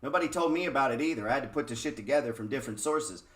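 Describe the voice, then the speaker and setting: A man talks through trading charts in a loose, profane way and keeps asking his listeners pointed questions. His voice sits at an ordinary pitch. It carries a roomy echo. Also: expressive, rapid-fire, a bit bright. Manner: blunt, profane, rhetorical questions. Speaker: trading educator. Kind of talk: casual screen-share market talk.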